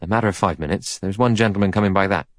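Soft, deferential Devon cabbie, from a male reader, low voice. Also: rapid-fire, no room sound, studio quality, close to an everyday voice. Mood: polite. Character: male Devon taxi driver, polite and deferential.

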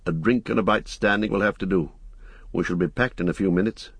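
Man doing a grave, steady ranger. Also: creaky, husky, no room sound, full character voice. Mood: firm. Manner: low, measured, steady. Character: grave, watchful male ranger, calm and commanding. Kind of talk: audiobook character voice.

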